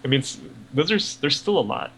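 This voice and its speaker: A man talks casually on a podcast, rambling through his thoughts with plenty of fillers and the odd curse. His voice has a gravelly, creaky edge. A faint noise sits under the recording. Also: a little high, sing-song, fast talker, fairly bright tone, low-quality recording. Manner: rambling, profane, lots of fillers. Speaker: podcast co-host. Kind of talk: casual gaming chat.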